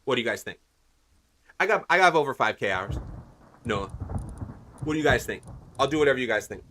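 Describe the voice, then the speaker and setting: A man's voice: medium pitch, animated, brisk, pushed and bright, a little hiss or hum. A man streaming a video game, rambling casually and asking his viewers what they think. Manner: rambling, chatty, asks viewers questions. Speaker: livestreamer. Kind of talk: casual gaming commentary.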